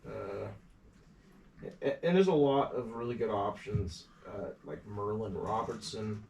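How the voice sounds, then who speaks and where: Male co-host, halting and filler-heavy; distant mic, roomy sound. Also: fairly low pitch, creaky, a little mellow, slight background noise. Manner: hesitant, full of "uh", reads prospect notes aloud. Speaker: podcast co-host. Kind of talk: casual sports chat.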